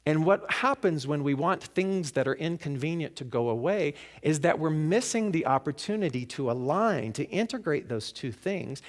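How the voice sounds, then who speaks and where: A man speaking as a guest preacher at a spiritual center, telling a personal story in a reflective way that sinks to a hush on key lines and lifts on emphatic ones. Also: a little high, expressive, normal speed, few pauses. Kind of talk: storytelling sermon. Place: sanctuary of a spiritual center, before a congregation.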